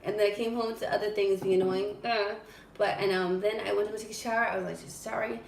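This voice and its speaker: Animated woman guest, from Southern California. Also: mid-range voice, quick pace, creaky, distant mic, a little hiss or hum. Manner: animated, dramatic, trails into sleepy murmurs. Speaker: podcast guest. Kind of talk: casual storytelling chat. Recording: echoey room, away from the mic.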